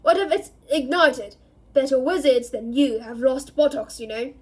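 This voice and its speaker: A woman voicing a gruff, suspicious old male wizard with a low growl and a loud, barking way of talking. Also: normal speed, natural voice. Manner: barking and loud, clipped warnings.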